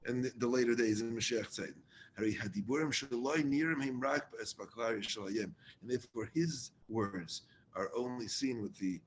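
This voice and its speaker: A man's voice: medium pitch, moderate pace, slight background noise. A man leading a Torah class, reading Hebrew lines and explaining them in casual English with restarts.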